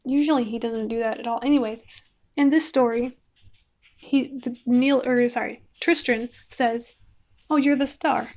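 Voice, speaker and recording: A woman casually rambling about a book she likes while she paints, chatty and quick to laugh. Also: fairly high pitch, fairly even intonation, a little mellow. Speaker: book vlogger.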